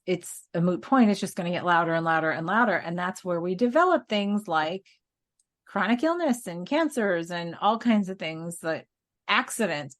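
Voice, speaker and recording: A woman co-hosting a casual spiritual podcast, telling stories in an earnest way and laughing now and then. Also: on the low side. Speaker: podcast co-host.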